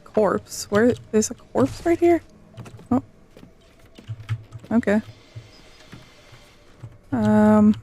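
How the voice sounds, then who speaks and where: A woman at home commentating live as she plays, her voice sitting at an ordinary middle pitch. She startles easily, curses freely and laughs nervously between remarks. A faint background noise runs under her talk. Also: expressive, drawn-out words, pauses often, warm tone. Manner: jumpy, swears often, nervous laughs. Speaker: streamer.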